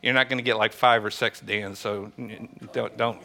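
A man preaching to a small church gathering, chatty and joking and quick to laugh. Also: on the low side, fairly even intonation, vocal fry, pushed and bright. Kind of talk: casual joke-telling and church teaching.

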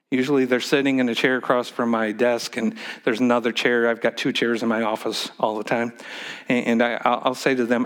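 A pastor preaches to his church haltingly, repeating many words and now and then calling on the congregation to answer. His voice is medium-pitched with a steady tone.

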